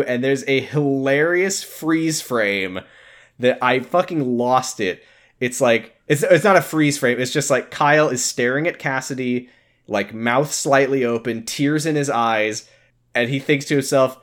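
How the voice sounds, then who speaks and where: Brief: male podcast co-host, relaxed recap chat, jokey asides. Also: medium pitch, a little slow. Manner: joking, recaps scenes with mock quotes.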